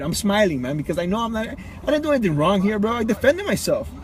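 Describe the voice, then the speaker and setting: A young man with a slightly high voice tells a story off the cuff, circling back and repeating phrases as he goes. His talk is loose and casual, peppered with "bro" and "man.". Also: big pitch swings, fast, hardly any pauses, slight background noise. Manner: rambling, repeats himself, says bro. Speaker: vlogger.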